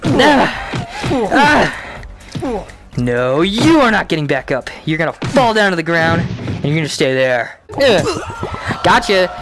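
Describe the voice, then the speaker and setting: Playing a VR game, a young adult host offers laid-back commentary, cursing at the characters, chatting to them, and erupting in shouts and big laughs. The voice is medium-pitched and sing-song at a normal speed, heard over music.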